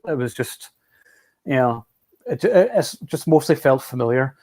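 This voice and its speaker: A man hosting a casual film chat show, relaxed and rambling, often restarting his sentences. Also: mid-range voice, unhurried. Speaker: podcast host.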